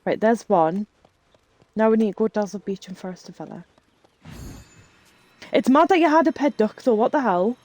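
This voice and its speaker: A woman's voice: medium pitch, moderate pace, pauses often, darkish tone. A woman streaming live, telling rambling stories in casual chat while she plays a game and swearing freely. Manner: chatty, rambling storyteller who swears freely.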